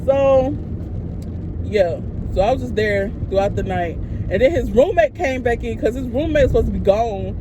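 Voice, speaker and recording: Animated young woman telling a story. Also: fairly high pitch, moderate pace, highs cut off, background noise. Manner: animated, profane, talks straight to viewers as "y'all". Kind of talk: casual storytime monologue.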